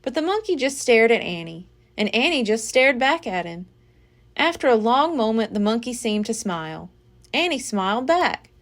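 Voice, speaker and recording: With a slightly high voice and a moderate pace, a woman reads a children's book aloud at the library. Her storytelling is dramatic and full of expression.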